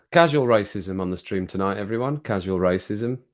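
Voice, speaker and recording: A man's voice: on the low side, animated, moderate pace. Jokey rambling man with a Birmingham accent. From England. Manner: jokey, rambling, chuckles often. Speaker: livestream host. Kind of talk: casual chat to live chat.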